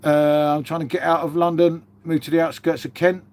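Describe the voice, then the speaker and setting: A man's voice: a little high, little pitch movement, a little fast, a little mellow. A man in his fifties hosting a casual live stream, rambling through stories, swearing freely and calling everyone mate. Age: 50s.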